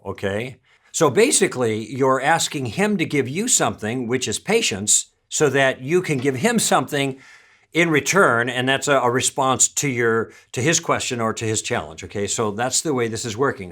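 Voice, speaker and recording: A man teaching a practical lesson in a calm, friendly way, often acting out sample lines. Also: mid-range voice. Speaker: instructor. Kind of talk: instructional talk.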